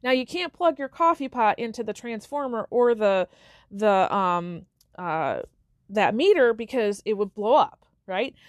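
A woman's voice: mid-range voice, lively intonation, a little slow, no room sound, studio quality. A woman hosting a self-help podcast, talking casually and checking in with listeners with frequent "okay?" and "right?". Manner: conversational, with everyday examples. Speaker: podcast host.

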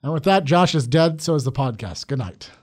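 Young dude on a podcast, swears a lot, voice jumps all over, kinda high. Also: male voice, brisk. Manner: animated storyteller, swears a lot. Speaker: podcast co-host. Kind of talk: casual chat.

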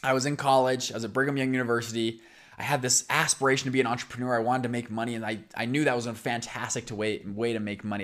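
A young man in his twenties hosting a podcast, telling a story in a casual, rambling way with a raspy, scratchy throat. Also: medium pitch. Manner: animated, rambling storyteller with restarts. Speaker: podcast host.

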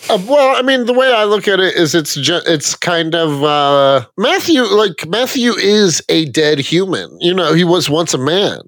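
Slow-drawling man with a lively voice. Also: sits high, dry recording. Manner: slow, drawling, laughs a lot. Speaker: podcast co-host. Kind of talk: casual chat.

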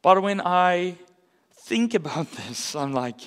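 A pastor preaching a sermon in an earnest, conversational way with casual asides. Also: male voice, high voice, lively intonation, slow pace, fairly bright tone, clean tone, long reverb tail. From South Africa.

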